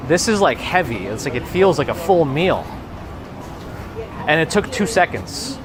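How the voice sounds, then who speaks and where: A man's voice: fairly high pitch, sing-song, unhurried. A man live-streaming a walk, chatting casually and thinking aloud to his viewers. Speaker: live-streaming walking vlogger. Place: outdoors on a city street. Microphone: handheld gimbal camera mic. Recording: street noise behind a handheld camera mic.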